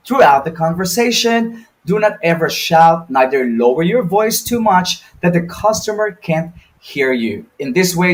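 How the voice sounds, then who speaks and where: A young adult man with a Filipino accent, teaching an online lesson in a loose, chatty way with many fillers and asides. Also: a little high. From Philippines.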